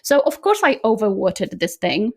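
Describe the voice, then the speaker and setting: A woman guest who coaches people on decluttering, telling her story in an animated, chatty way and often checking in with "right?". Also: mid-range voice, moderate pace. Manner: animated, frequently adds "right?". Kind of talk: conversational storytelling.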